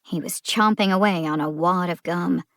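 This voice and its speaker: A woman narrating a thriller audiobook in a measured storytelling style. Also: fairly low pitch, a bit bright, no room sound, studio quality.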